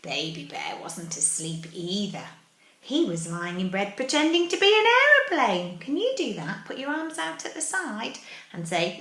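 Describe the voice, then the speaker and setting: A woman teacher reading a picture book aloud to young children, animated, asking them questions and dropping into whispers. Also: mid-range voice, unhurried. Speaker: early-years teacher. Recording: roomy echo.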